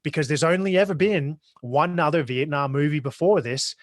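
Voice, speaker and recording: Recorded cleanly in a studio with no echo, this Australian man co-hosts a podcast and talks up a war film in a relaxed, eager way. He speaks at a normal pace in a higher voice and frequently starts his sentences over.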